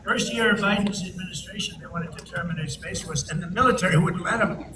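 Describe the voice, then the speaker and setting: A man delivers a rambling, boastful rally speech full of mocking asides. His voice sits fairly high for a man and reaches the mic from a distance. The sound is roomy and echoing, with steady noise underneath. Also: fast. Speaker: political speaker addressing an audience. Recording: distant, echoey live feed with noise.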